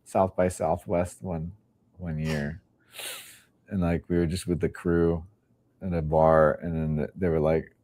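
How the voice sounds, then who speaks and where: Young male podcast host, very deep and warm, easygoing and profane. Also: little pitch movement, measured pace. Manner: laid-back, swears casually, trails off. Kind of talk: casual chat.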